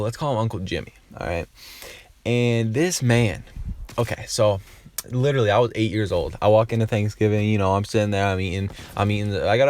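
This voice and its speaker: A man telling a casual storytime vlog. He rambles, swears freely and leans on fillers and restarts. His voice sits somewhat low. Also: darkish tone. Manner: rambling, profane, lots of filler. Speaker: YouTuber.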